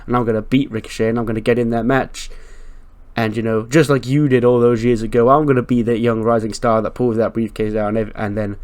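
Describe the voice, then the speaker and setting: A man's voice: mid-range voice, little pitch movement, fairly quick, darkish tone, close to an everyday voice. A man voicing a brash, mocking young male wrestler who brags about his future. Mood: boastful. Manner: taunting, boastful.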